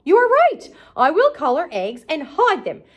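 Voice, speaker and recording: A woman's voice: very high-pitched, huge pitch swings, normal speed, full character voice. Woman playing SpongeBob, chirpy sea sponge. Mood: cheerful. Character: cheerful, earnest male sea sponge. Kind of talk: storybook read-aloud for children.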